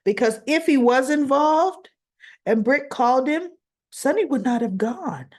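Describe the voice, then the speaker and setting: A woman casually recapping a soap opera episode, retelling scenes in an animated way and acting out what the characters say. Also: sits high, unhurried.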